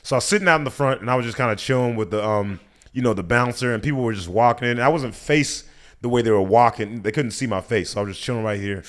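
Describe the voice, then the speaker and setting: Male comedian guest, 30s, laughing storyteller, acts out quotes, middle pitch. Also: quick pace. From United States. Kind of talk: casual podcast chat. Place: podcast studio.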